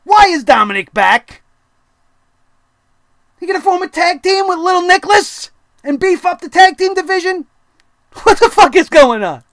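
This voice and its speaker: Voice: very high-pitched, expressive, normal speed, pauses often, fairly bright tone, no echo. A wrestling show host giving a heated, sarcastic and profane review of a weekly wrestling episode.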